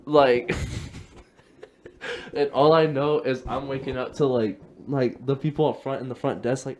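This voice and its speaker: A man's voice: medium pitch, expressive, normal speed. A young man telling a long story in casual chat, rambling and laughing as he goes. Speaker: podcast co-host.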